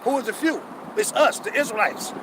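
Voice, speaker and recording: A man street-preaching a sermon outdoors, fervent and profane. He repeats himself and reads scripture slowly. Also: very high voice, expressive. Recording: loud street noise behind.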